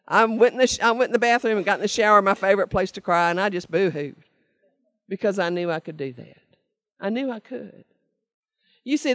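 A woman's voice: mid-range voice, dry recording. Older woman, earnest testimony, emphatic repetition, dry close sound. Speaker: speaker sharing her recovery story. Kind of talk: personal testimony talk to a meeting.

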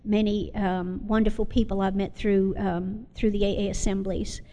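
A woman sharing her recovery story as an Al-Anon member, earnest and reflective, pausing often with fillers. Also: medium pitch, flat delivery, warm tone, long reverb tail. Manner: halting, with many pauses and fillers. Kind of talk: personal testimony.

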